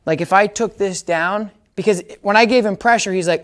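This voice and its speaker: A man's voice: sits high, moderate pace, a bit bright. A man giving a casual dog training demonstration, explaining each step and often checking that listeners follow.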